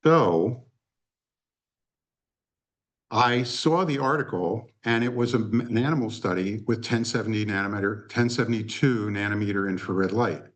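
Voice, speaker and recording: A man presenting at a conference workshop, telling an anecdote in an animated way and acting out the dialogue. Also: lowish voice, moderate pace.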